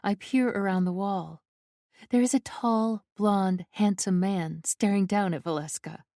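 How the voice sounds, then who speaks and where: A woman narrating a first-person romance audiobook in an intimate, unhurried storytelling manner. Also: mid-range voice, dark tone, dry recording, clean studio sound.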